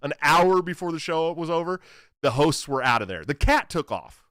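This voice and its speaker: A lively, animated man telling stories. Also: fairly high pitch, moderate pace, clear, resonant tone, no echo, studio quality. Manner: animated storytelling, acts out others' lines, swears freely. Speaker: podcast host. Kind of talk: casual chat.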